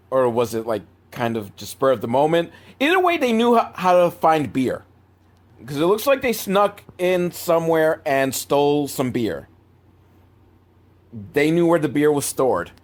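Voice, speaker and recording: Rambling, profane male movie reviewer. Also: mid-range voice. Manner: rambling, profane, laughs at bad filmmaking. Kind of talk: casual rambling movie recap.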